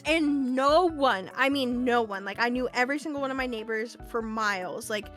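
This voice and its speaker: A woman's voice: a little high, normal speed, faint music behind. A young woman streaming, telling stories in a casual chat full of fillers and swearing. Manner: animated storytelling, lots of fillers and swearing.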